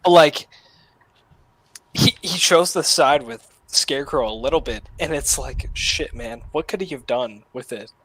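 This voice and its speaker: A young man in a casual film discussion who speaks excitably and swears freely. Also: a little high, a little slow, poor audio. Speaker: podcast guest or co-host.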